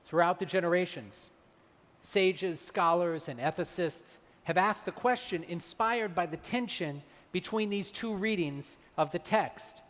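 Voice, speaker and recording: A man, a rabbi, delivering a holiday sermon, slowing down and weighing his words when he quotes sacred texts. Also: sits high, fairly bright tone. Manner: measured, slows for emphasis on quoted texts. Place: large synagogue sanctuary. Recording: long hall reverb.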